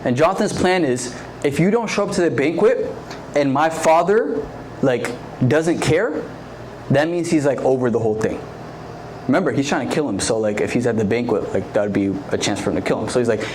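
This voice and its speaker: A man's voice: fairly high pitch, big pitch swings, fairly quick, a little hiss or hum. Chatty young male youth preacher. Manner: chatty, constant "like" fillers, acts out quotes. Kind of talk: casual storytelling sermon.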